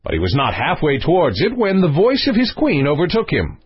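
A man's voice: a little high, wildly swooping pitch, brisk, slightly rough, no room sound. A man reading a storybook aloud as an audiobook narrator, telling it expressively, on a dull lo-fi recording.

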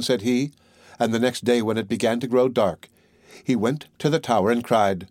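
A man narrating a fairy tale as an audiobook reader, in a measured, even reading. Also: medium pitch, no echo, studio quality. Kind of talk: storybook narration.

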